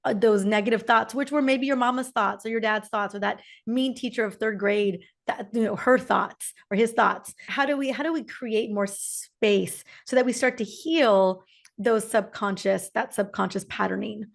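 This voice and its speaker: A woman's voice: on the high side, moderate pace, vocal fry. A woman hosting a podcast, who asks curious, reflective questions and often restarts her phrases. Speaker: podcast host. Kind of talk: podcast conversation.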